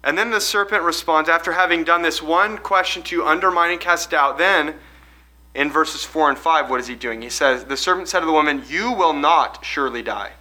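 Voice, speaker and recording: A man leads a group Bible study in a very bright, slightly high voice. He reads passages aloud, asks the group questions and explains them, often restarting his sentences. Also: a little fast, poor audio.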